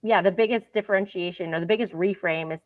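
A woman's voice: on the low side, quick pace, no echo. Woman guest on a tinny line. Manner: earnest storyteller, uses fillers. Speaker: guest, founder of a storytelling platform. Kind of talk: casual interview talk.

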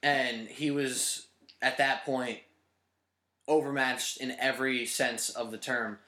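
A man's voice: medium pitch, fairly even intonation, slow, bright, forceful tone. A man hosting a podcast in casual chat, joking and emphatic with firm opinions. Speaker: podcast host. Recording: echoey room.

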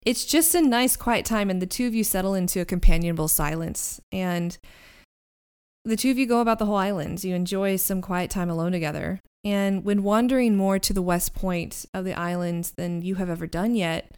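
A woman narrating as game master in a tabletop game, relaxed and storytelling with some halting restarts. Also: medium pitch, clear, resonant tone.

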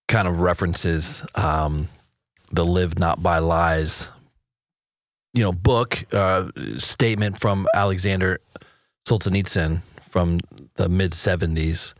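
A man with a low voice co-hosting a casual faith podcast. He reads book passages aloud in an earnest, steady manner. The recording is close and dry. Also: no echo. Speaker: podcast co-host. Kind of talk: casual faith discussion, reading quotes aloud.

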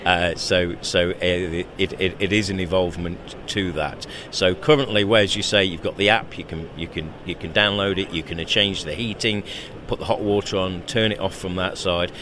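A man representing a company at a busy trade show, explaining a product haltingly and repeating words. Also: deep voice, fairly even intonation. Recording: noticeable background noise.

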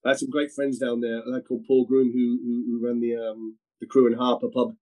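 A middle-aged man, a former footballer, telling lively anecdotes as a guest, often repeating words and slipping into quoted voices. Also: medium pitch, fairly quick, rough recording. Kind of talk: storytelling anecdotes in conversation.

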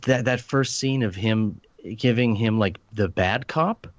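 A man with a lowish voice talks about a film on a podcast. He is eager and stumbles through fillers and restarts. The sound is dry and a bit dull. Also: a little slow, no room sound. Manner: enthusiastic, many fillers and restarts. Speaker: podcast panelist. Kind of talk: casual film discussion.

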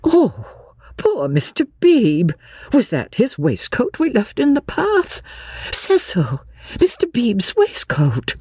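A woman's voice: on the high side, huge pitch swings, slow, darkish tone, breathy edge, no echo, clean studio sound, pitched above the performer's own voice, full character voice. A woman reader voicing a flustered, genteel older mother who exclaims fussily. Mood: fluttery. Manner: exclaiming, fussy.

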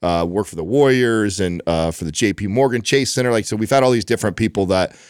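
A man co-hosting a podcast, telling a lively, profane anecdote in casual chat. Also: fairly low pitch, quick pace, no room sound, clean studio sound. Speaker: podcast co-host.

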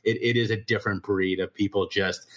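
A man from Ohio with a fairly low voice, talking as a guest in a relaxed interview. He is blunt and wry, doubling words as he restarts his sentences. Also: a little fast. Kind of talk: casual interview chat.

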